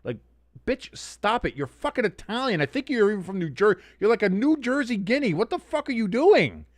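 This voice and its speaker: A man's voice: high voice, a little fast, no echo. A man hosting a casual live-stream watch-along, reading chat aloud and swearing freely as he reacts. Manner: profane, animated, reads chat aloud.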